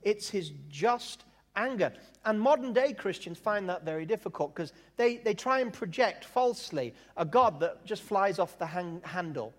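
A man with a fairly high voice preaches a sermon, leaning hard on key words and slowing down to make a point. His voice carries a long reverb, as if he is speaking in a large church hall. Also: lively intonation. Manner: emphatic, drawn-out words, jokey asides.

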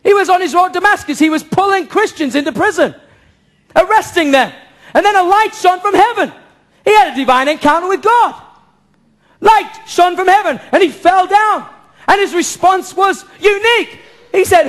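A man with a strikingly high voice preaches a sermon to a congregation in church. He is impassioned, fires off rhetorical questions and now and then rises to a shout. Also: animated, moderate pace. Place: church service before a congregation.

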